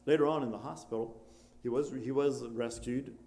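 A man preaching a sermon, switching between loud exclamations and quiet, hushed storytelling, with many questions put to his listeners. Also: medium pitch, fairly even intonation, normal speed, slight background noise. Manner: rhetorical questions to the congregation.

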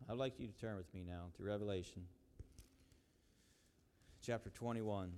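A man's voice: lowish voice, moderate pace, pauses often, a little mellow. Dramatic male preacher in an echoey hall. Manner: dramatic storytelling, rising to lament. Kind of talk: sermon. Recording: reverberant hall.

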